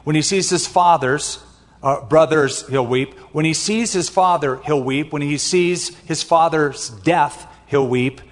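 Older guy preaching, kinda high voice, chatty asides, long hall echo. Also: unhurried. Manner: conversational preaching, personal asides. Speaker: pastor. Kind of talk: sermon.

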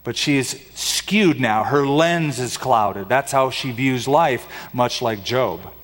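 A man's voice: mid-range voice, slow, a bit bright. A man preaching a sermon in a dramatic style, asking the congregation rhetorical questions. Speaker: pastor. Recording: long hall reverb.

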